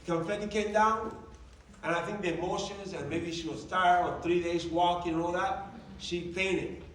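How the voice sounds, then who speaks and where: A man, a coach and motivational speaker, tells personal stories to a live audience in an animated, emotional way. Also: sits high, slight background noise. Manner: animated, emotional storytelling with shifting volume and quick asides. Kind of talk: storytelling talk to a live audience. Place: large event room. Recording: echoey hall, distant mic, audience nearby.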